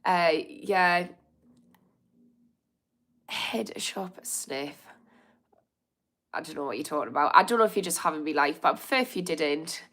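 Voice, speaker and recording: A woman's voice: sits low, fast talker, few pauses, fairly bright tone. A middle-aged woman, chatting candidly on a livestream about recovery and reading out comments, sounding a bit unwell. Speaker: livestream host in addiction recovery. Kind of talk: casual livestream chat.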